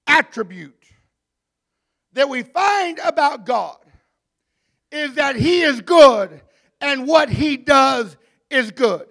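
A man preaching a sermon in a church, rising to shouted, drawn-out climaxes between joking asides. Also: very high-pitched. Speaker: pastor. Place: church hall. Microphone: handheld mic.

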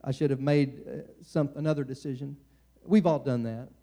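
Middle-aged man preaching casually with frequent restarts, gravelly, warm-toned voice. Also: medium pitch, fairly even intonation, moderate pace. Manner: conversational, frequent restarts and stammers. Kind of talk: sermon.

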